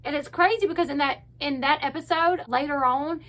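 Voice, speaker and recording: Woman, high bright voice, casual chatty recapper, loose storytelling flow. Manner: chatty, retells scenes with quoted lines in a quick loose flow. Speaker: reality show recap commentator.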